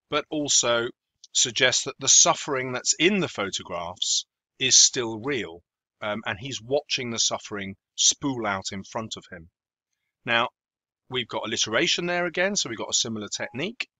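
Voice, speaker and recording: British guy teaching poems for exams, very bright crisp voice, dry close mic, thinks aloud w lots of ums. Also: medium pitch, lively intonation, dry recording, rough recording. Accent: British English. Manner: thoughtful, measured, with frequent ums and self-corrections. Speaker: English teacher. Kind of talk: explaining poetry analysis for exam revision.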